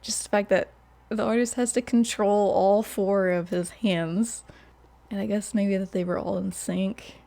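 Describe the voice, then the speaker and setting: A woman's voice: medium pitch, steady tone, measured pace, gravelly, warm tone. A woman hosting a reaction video, chatting casually and laughing often. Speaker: host. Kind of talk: reaction commentary.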